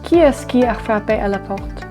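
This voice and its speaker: A woman from Canada playing a learner in a lesson sketch, playful and expressive. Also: mid-range voice, moderate pace. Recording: clear background music.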